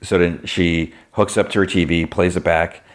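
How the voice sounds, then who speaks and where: A man's voice: sits low, steady tone, moderate pace. A man hosting a podcast, recapping a TV episode in a rambling, casual way with lots of "like" and "you know" and "fudging" in place of curses. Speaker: podcast host.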